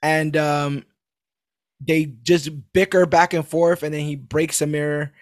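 A man's voice: on the high side, level tone, measured pace, no echo, clean studio sound. A man casually recapping a TV episode on a podcast, acting out the characters' lines and laughing as he goes. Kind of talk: casual chat.

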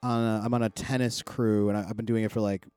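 A middle-aged man telling a story on a podcast in a loose, rambling way. He swears freely and gets loud when acting out what others said. His voice is dry and close, with faint music underneath. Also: on the low side, quick pace, clean tone, no echo. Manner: rambling, profane, animated when quoting others. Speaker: podcast co-host. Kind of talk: casual chat, storytelling.

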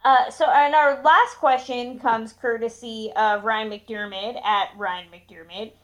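A woman's voice: a little high, fairly even intonation, slow pace. A woman hosting a podcast, reading a listener question and then thinking aloud with frequent ums. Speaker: podcast host. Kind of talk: casual chat.

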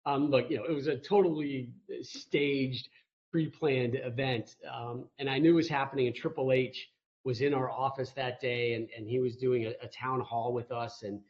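A man's voice: medium pitch, fairly even intonation, moderate pace, darkish tone. A man telling a rambling, self-mocking story as a guest on a video call interview. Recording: muffled video call audio.

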